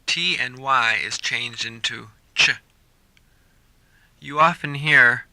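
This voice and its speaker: A man reading a scripted English listening-practice lesson, saying example sentences slowly and deliberately for learners to repeat. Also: mid-range voice, fairly even intonation, creaky, pushed and bright, no echo. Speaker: English pronunciation teacher.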